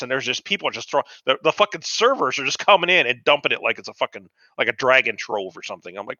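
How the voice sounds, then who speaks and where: A man casually telling a profane, animated story about an old job, acting out the dialogue. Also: medium pitch, fast talker, hardly any pauses, no echo, dull audio. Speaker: podcast co-host.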